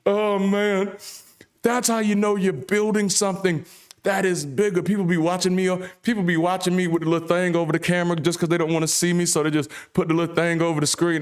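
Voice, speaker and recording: A baritone-voiced man preaches to his audience in an emphatic, rhythmic cadence, repeating lines for effect and swearing freely. His colors his delivery. He sits a touch higher in pitch than most men. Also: little pitch movement, a little fast, clear, resonant tone. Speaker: host and preacher. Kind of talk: impassioned preacherly monologue.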